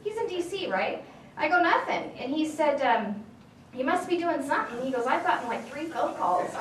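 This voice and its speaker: Woman politician, tired but animated, a raised speaking pitch, acts out the dialogue, taped from far back in an echoey hall. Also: normal speed, slight background noise. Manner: animated storyteller acting out dialogue. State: tired from lack of sleep. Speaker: state assembly member speaking to a political group. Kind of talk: casual storytelling speech. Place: meeting hall with an audience.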